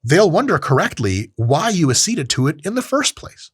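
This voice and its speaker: A man's voice: fairly high pitch, big pitch swings, moderate pace, slightly rough, no echo, studio quality. A man hosting a podcast, giving blunt, profane and emphatic advice in a casual monologue, acting out quoted exchanges along the way. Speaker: podcast host.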